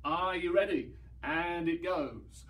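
A man's voice: fairly high pitch, fairly bright tone, distant mic. Playful man leading a children's song. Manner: playful, sings slowly, mimes and acts out sounds. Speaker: children's singing session leader.

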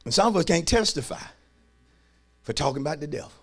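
A male pastor preaching a sermon in church, swinging from soft asides to shouting and calling on the congregation to respond. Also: a little high, lively intonation, fast, husky. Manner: colloquial, calls on the congregation to respond.

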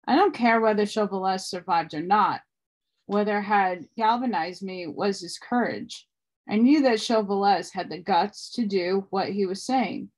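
A woman reading a book aloud at a steady pace, now and then stumbling and restarting a word. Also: medium pitch. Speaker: audiobook reader.

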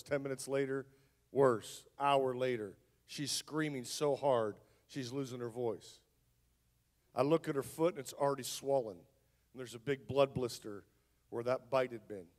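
A man's voice: medium pitch, a little slow, darkish tone. A man who is a pastor, telling his testimony in a sermon in a conversational storytelling style, with joking asides.

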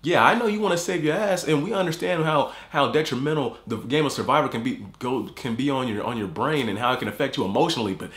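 A man's voice: mid-range voice, quick pace, hardly any pauses, fairly bright tone. Heated, swearing man in a roomy space. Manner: heated, swearing, repeats himself. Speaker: YouTube reaction host. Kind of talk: angry profane reaction rant.

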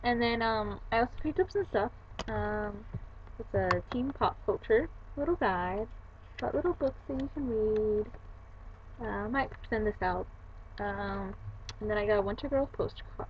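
Speaking at a measured pace in a medium pitch, a young adult book vlogger casually walks through her day, quoting what people said. The audio is dull, with a slight hiss or hum.

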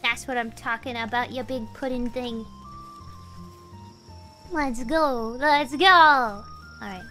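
A woman game streamer chattering playfully, hyped up on caffeine, giggling and swinging between sing-song squeals and low mumbles. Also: fairly even intonation, slow, sharp tone, soft background music. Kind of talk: playful live gameplay chatter.

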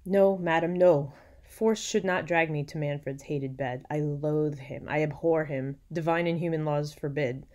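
Low, mellow-voiced woman lecturing casually. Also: steady tone, a little slow, hardly any pauses. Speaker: literature lecturer. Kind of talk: casual recorded lecture, reading aloud and paraphrasing.

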